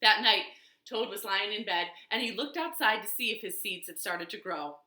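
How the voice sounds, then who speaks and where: A woman librarian reading a children's storytime at home, slow, sing-song and expressive. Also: medium pitch. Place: home living room. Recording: roomy living room.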